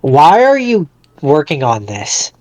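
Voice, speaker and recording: A man's voice: on the high side, huge pitch swings, slow pace, darkish tone, no echo. A man co-hosting a podcast in casual chat, who makes his points emphatically and repeats them. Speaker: podcast co-host.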